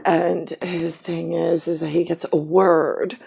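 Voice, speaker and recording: Gravelly low-voiced woman rambling casually. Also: level tone, slow, noisy background. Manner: meandering, drops into hushed whispery asides. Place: at home.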